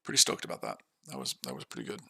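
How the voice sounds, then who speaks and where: A low, gravelly man hosts a live trading stream, tired after a sleepless night. He sounds matter-of-fact and casual, and his voice is dry and close with nothing around it. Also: animated, racing, bright, forceful tone, no echo. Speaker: day trader and stream host.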